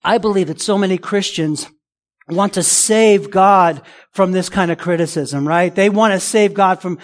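A man's voice: high voice, normal speed. A man preaching a sermon as pastor, conversational and emphatic, often asking the congregation rhetorical questions.

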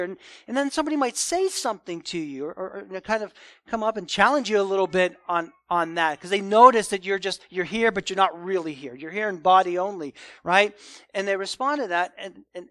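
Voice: medium pitch, a bit bright, no echo. A preacher giving a Sunday morning sermon in an emphatic, conversational way.

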